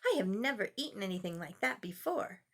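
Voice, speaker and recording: A woman reading a storybook aloud, voicing a friendly, hungry female alligator with a drawn-out, sighing delivery. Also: medium pitch, very animated, husky. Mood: playful. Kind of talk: reading a picture book aloud.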